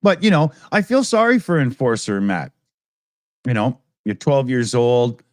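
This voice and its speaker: A man's voice: medium pitch, very animated, measured pace, dry recording. A man co-hosting a podcast, telling crude jokes and swearing casually. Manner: dry storyteller, swears casually. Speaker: podcast co-host. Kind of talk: crude comedic banter.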